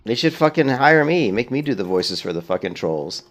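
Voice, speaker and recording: A man's voice: mid-range voice, sing-song, moderate pace, faint music behind. A man streaming a video game, chatting casually in a rambling, profane way. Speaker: let's play streamer. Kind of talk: casual gaming commentary.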